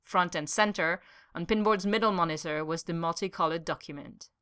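Female story reader, lowish voice, bright and forceful, expressive delivery. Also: a little fast, smooth, dry recording, studio quality. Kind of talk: story read aloud.

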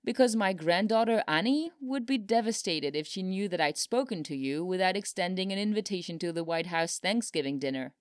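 A woman's voice: lowish voice, a little fast, few pauses, clean tone, no echo, voice pushed up, lightly acted. A woman voicing a dry-humored older male president, speaking solemnly with a wry edge, in a storybook reading.

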